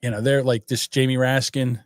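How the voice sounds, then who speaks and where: An older man co-hosting a podcast, teasing and animated in crude banter. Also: medium pitch, moderate pace, no room sound, clean studio sound. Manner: animated, teasing, does mocking voices. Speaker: podcast co-host. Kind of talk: crude casual political banter.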